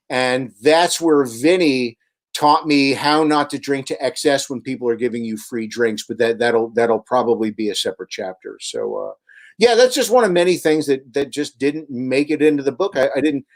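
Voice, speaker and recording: A man, a radio host and author, guesting on a radio show and telling long, animated anecdotes with many restarts. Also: mid-range voice, moderate pace. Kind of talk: storytelling in a radio interview.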